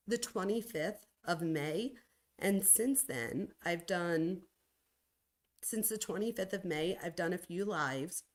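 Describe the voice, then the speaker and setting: Forties lady doing a casual live stream, kinda low voice, gushy and chatty, reads comments out loud. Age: 40s. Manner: chatty, gushing, with sudden excited jumps in pitch. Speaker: livestream host and college professor. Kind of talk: casual livestream chat reading viewer comments.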